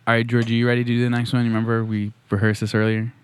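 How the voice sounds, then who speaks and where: A man's voice: medium pitch, monotone, rapid-fire, clean tone. A man hosting a casual podcast, playful and joking, quizzing his guests. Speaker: podcast host. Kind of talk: casual chat.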